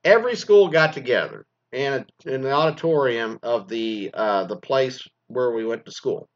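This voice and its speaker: A middle-aged man from the Dallas area of Texas reacts to the news in a crude, sarcastic, swear-filled rant. His medium-pitched voice has lively intonation and a moderate pace, and the lo-fi audio sounds dull.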